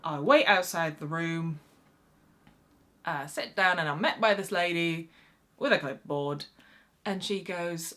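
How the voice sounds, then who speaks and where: A woman actress telling self-mocking audition stories to camera in a wry, animated way. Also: fairly low pitch, slow pace, pauses often. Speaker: actress vlogger. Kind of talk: casual storytelling to camera.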